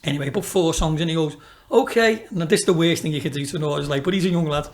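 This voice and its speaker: A man talks in a loose, storytelling way on a podcast. His voice sits high for a man, and he swears freely and laughs through his anecdotes. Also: fairly even intonation, very fast. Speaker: racehorse owner and businessman, podcast guest. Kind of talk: casual storytelling interview.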